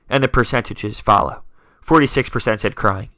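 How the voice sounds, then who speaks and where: Young man with a bright, dry voice. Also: lowish voice, unhurried, no room sound. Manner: dramatic, self-mocking, rattling off scores. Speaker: podcast host. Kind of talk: solo sports talk podcast.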